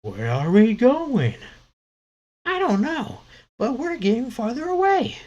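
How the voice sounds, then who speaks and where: A man voicing a group of frightened little giant children in a squeaky, whiny kid voice while reading a comic aloud. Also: wildly swooping pitch, slow, darkish tone, lo-fi sound, full character voice. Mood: confused. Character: scared little giant children, boys and girls.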